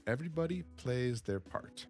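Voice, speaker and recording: A man giving a slow, simple English lesson as a voice-over on game footage, repeating words and reacting with excitement to the action. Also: medium pitch, soft background music. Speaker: English teacher.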